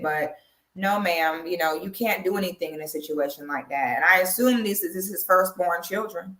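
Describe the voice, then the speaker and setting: A woman's voice: lowish voice, normal speed, fairly bright tone. A woman giving blunt, emphatic casual commentary to a live audience, calling her viewers girl and y'all, from her home. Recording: echoey room.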